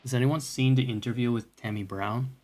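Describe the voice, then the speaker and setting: A man at a middle pitch chats loosely while he plays games on stream. He drifts from topic to topic, swears freely, and pokes fun at himself as he goes. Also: fairly even intonation, fairly quick, a little mellow. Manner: rambling and profane, with self-mocking asides. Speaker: game streamer. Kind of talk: casual chat while gaming.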